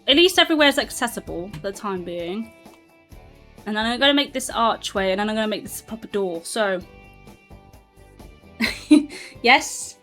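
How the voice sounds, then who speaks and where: A woman from southern England, with a mixed British accent, streams a game while chatting casually to her live chat and laughing often. Her voice is a little high and fairly bright.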